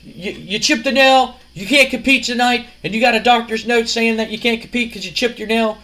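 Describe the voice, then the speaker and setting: A man's voice: very high-pitched, fairly quick, bright, forceful tone, voice pushed up. A man voicing an angry male pro wrestler who mocks his opponent with sneering questions. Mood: mocking.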